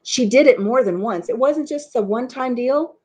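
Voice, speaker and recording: A chatty middle-aged woman talks straight into her webcam at home, hosting a relaxed live chat. She rambles from one story to the next and answers her viewers' comments as she goes. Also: on the high side, moderate pace, husky. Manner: chatty and rambling, reads viewer comments aloud, laughs at her own stories. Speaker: host of a live chat stream. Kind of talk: casual live-stream chat.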